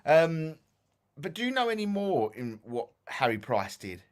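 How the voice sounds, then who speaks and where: A man's voice: a little high, sing-song, measured pace. A man with an Essex accent, co-hosting a ghost-hunting talk show, chatting casually, yawning and tired, stumbling as he reads notes aloud. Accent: Essex English. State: sleepy, yawning. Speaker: podcast co-host.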